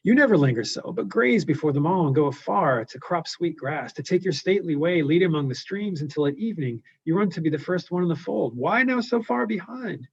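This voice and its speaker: A man's voice: fairly high pitch, expressive, a little fast, creaky, few pauses, slightly rough, voice pushed up, exaggerated voice. Male reader putting on a raised, brooding Cyclops voice, a furious blind giant, lo-fi. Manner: loud, brooding and menacing. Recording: dull lo-fi recording.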